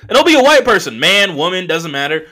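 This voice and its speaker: A man from the Bay Area hosting a solo podcast, telling stories in a loose, profane, animated way and laughing often. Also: high-pitched, fast. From San Francisco Bay Area. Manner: animated, profane storytelling with mocking voices and laughs. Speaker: podcast host. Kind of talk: casual solo podcast monologue, storytelling.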